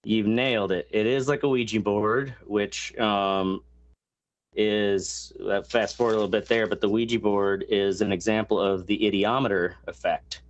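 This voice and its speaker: A man's voice: on the low side, steady tone, normal speed, lo-fi sound. A man hosting a casual podcast chat, explaining a topic at length with many fillers and crude asides. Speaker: podcast host.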